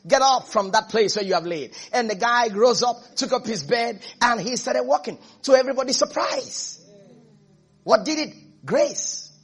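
A man preaching a sermon as pastor, emphatic and repetitive, now and then rising to shouts. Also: very high-pitched.

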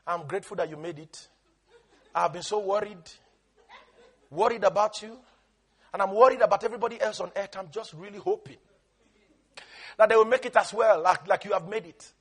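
A preacher playing an anxious, fretting God who quietly welcomes a believer into heaven. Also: male voice, sits high, brisk, pauses often, breathy edge. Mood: fretful. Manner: soft, worried murmuring.

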